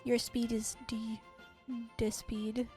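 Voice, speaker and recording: A woman chats casually on a live stream, her voice pitched high. She teases and coos at the horses in her game and swears at them now and then. Faint music plays underneath. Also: level tone, slow pace. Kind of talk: casual live-stream chat while gaming.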